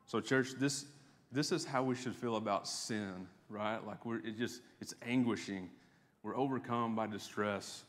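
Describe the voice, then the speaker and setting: A man's voice: lowish voice, unhurried. A man preaching a sermon to his church in a casual, conversational way, often repeating words as he goes. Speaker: pastor. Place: church sanctuary. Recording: long hall reverb.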